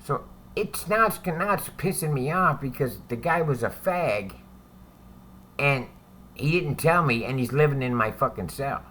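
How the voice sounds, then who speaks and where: A man's voice: medium pitch, lively intonation, unhurried, bright, forceful tone, a little hiss or hum. A man telling a story about his time in prison in a casual, profane, rambling way, often adding "right?" as he goes.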